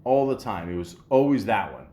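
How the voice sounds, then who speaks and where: Male podcast host, low voice, loose rambling chat with frequent laughter, mic'd up close. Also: sing-song, brisk, warm tone. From Canada. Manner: rambling, laughing often, heavy on fillers. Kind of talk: casual chat.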